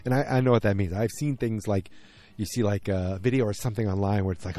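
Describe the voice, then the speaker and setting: Low, mellow-voiced man rambling a recap. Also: fast. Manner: rambling, self-correcting, acts out quotes. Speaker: TV episode recapper. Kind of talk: casual spoken recap. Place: outdoors.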